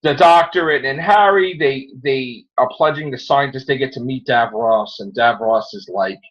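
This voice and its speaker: A man hosting a casual review podcast, rambling through an animated retelling of a plot. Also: medium pitch, moderate pace, highs cut off. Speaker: podcast host.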